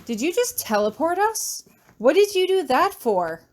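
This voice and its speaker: A man's voice: extremely high pitch, big pitch swings, unhurried, voice pushed up, exaggerated voice. A woman voicing an anxious young man who speaks hesitantly and sounds unsure of himself. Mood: alarmed.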